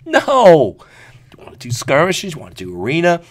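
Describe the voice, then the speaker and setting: Lively, sarcastic man ranting over gameplay. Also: a little high, moderate pace. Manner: animated, sarcastic, mocks others with put-on voices. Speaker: gameplay commentator.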